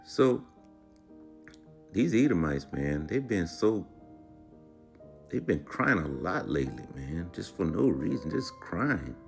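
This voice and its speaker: A man's voice: deep voice, big pitch swings, takes it slowly, creaky, pauses often, faint music behind. A man giving reaction commentary in a preachy, lecturing way.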